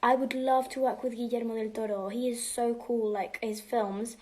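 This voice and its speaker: Her voice sits fairly high, with a level tone and a normal speed. Streaming from a room at home, this teenager fields fan questions in a casual mix of English and Spanish, at times lowering to a soft half-whisper.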